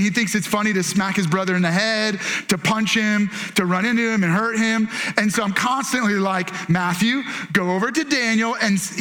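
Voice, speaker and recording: A pastor in his thirties delivers a sermon in a playful, animated way. His voice sits unusually high and comes across bright and forceful, with acted-out quotes woven in.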